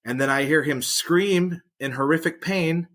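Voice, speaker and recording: A man on a casual podcast tells a long anecdote in a dry, deadpan way. His voice is bright and forward, and he often acts out what other people said. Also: on the high side, measured pace, slight background noise. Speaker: podcast co-host. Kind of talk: casual storytelling.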